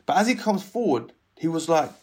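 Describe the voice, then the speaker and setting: A man in his thirties tells a long story in casual conversation, his slightly high voice a little husky. He acts out the people he talks about and laughs often as he goes. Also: very animated, fairly quick, darkish tone. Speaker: guest telling a story.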